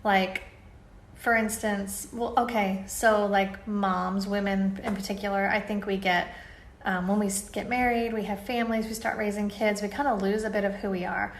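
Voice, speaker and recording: A woman's voice: medium pitch, fairly even intonation, normal speed. Chatty, earnest woman in an echoey room. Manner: earnest, chatty, with many fillers and restarts; faith-filled and enthusiastic. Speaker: apparel brand founder. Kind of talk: casual talk to camera.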